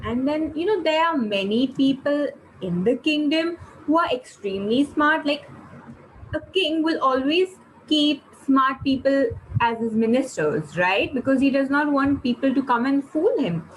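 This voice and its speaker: A woman's voice: high-pitched, unhurried, a little hiss or hum, low-quality recording. A woman teaching kids online, telling a story and asking the class questions. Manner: lively, questions the class, explains words.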